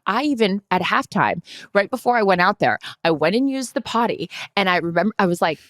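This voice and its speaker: A woman's voice: mid-range voice, sing-song, brisk, a bit bright, dry recording, clean studio sound. A middle-aged woman co-hosting a podcast, chatting casually in a brash, emphatic, profane way. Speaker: podcast co-host. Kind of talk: casual chat.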